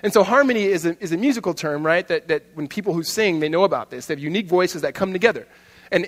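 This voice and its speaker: A man preaching a sermon, telling stories animatedly and dropping to a soft voice for emphasis. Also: high-pitched, big-room sound. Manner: animated storytelling, laughs often, drops soft for emphasis. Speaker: pastor.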